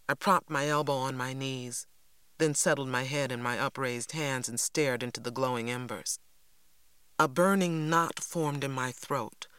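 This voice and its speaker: Measured male audiobook narrator, dry room. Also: medium pitch, fairly bright tone, clear, resonant tone, no echo. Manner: measured, unhurried storytelling.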